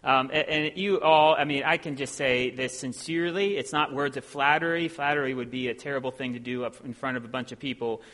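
Man from Ohio, visiting preacher, bright clear tone, long church hall echo, chatty self-deprecating sermon. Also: mid-range voice, steady tone, brisk, few pauses. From Ohio, USA. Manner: conversational and self-deprecating, with many filler sounds. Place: church sanctuary.

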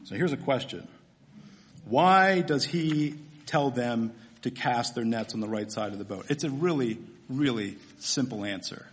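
A man's voice: medium pitch, measured pace. A man preaching a sermon in a church, humorous and conversational, often asking his listeners questions. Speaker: pastor.

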